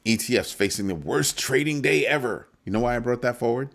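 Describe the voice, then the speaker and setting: Speaking a little fast at medium pitch, a man hosts a relaxed crypto live stream. He talks through numbers with lively shifts between calm and mock alarm.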